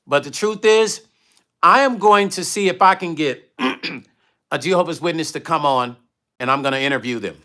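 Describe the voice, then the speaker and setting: A man's voice: fairly high pitch, pushed and bright. A man hosting a candid livestream, telling blunt stories and reading viewer comments aloud. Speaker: livestream host and musician.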